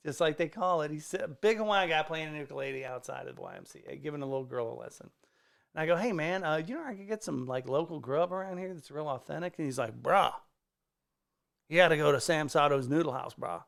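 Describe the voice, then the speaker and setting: A man, a stand-up comedian, telling a casual story on a podcast, animated and swearing freely as he acts out the people in it. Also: a little high, fast, creaky, clean tone. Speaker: guest comedian. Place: podcast studio.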